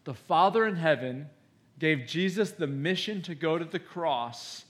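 A man preaching a sermon as a pastor, emphatic, swinging between loud stressed words and hushed asides, in a conversational way. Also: fairly high pitch, expressive, unhurried. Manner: conversational, with acted-out quotes.

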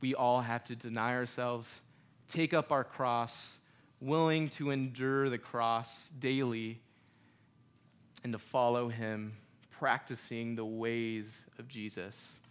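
Young male pastor, relaxed preaching, mid pitch, jokes with congregation. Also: takes it slowly, clean tone. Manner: conversational preaching with humor and asides. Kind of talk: sermon.

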